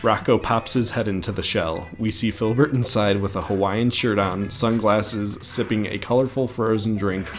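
A man co-hosting a podcast, casually retelling an episode idea with relaxed fillers. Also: on the low side, moderate pace, hardly any pauses, soft background music. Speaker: podcast co-host.

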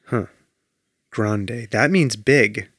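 A man's voice: lowish voice, drawn-out words, fairly bright tone, breathy edge, no room sound, studio quality. A man co-hosting a podcast in casual chat, rambling and swearing freely as he tells stories. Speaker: podcast co-host.

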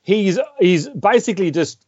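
A man's voice: high-pitched, lively intonation, normal speed, a little mellow, husky, no room sound. A man co-hosting a casual film discussion, rambling with many restarts and repeated words. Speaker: podcast co-host. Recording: dull lo-fi sound, dry.

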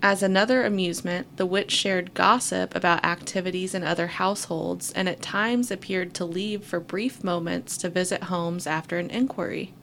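Woman with a low gravelly voice reading out a spooky tale, a bit of hiss behind. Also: normal speed, hardly any pauses. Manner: reads at an even pace with wry asides. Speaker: podcast co-host. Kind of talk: reading a story aloud between casual chat.

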